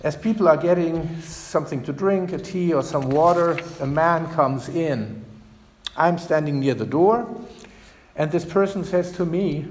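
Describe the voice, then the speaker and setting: A man preaching a sermon as pastor, asking rhetorical questions with dramatic pauses. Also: on the high side, animated, darkish tone. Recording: echoey church reverb.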